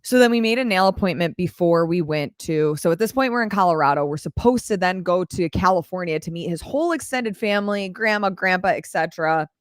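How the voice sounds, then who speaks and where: A woman's voice: fairly low pitch, expressive, a little fast, few pauses, no room sound, clean studio sound. A young woman hosting a live chat, telling a personal story casually on a clip-on mic, full of "like" and laughter. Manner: chatty, peppered with "like", laughs while telling. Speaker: host.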